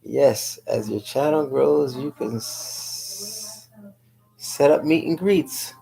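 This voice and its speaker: A woman from New York City chats casually as a guest on a live stream, laughing often, reading viewer comments aloud and answering viewers by name. Her deep, creaky, mellow voice swings widely in pitch as she takes it slowly. Faint music plays behind her on a rough recording.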